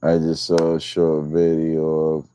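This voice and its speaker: A man's voice: very deep voice, monotone, unhurried, mellow, a little hiss or hum. A man hosting a casual livestream, teasing and joking with his viewers. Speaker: livestream host.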